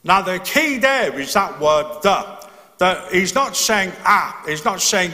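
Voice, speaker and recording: A man's voice: sits high, animated, measured pace, sharp tone. A man preaching a sermon, explaining earnestly and often restarting his phrases. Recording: long hall reverb.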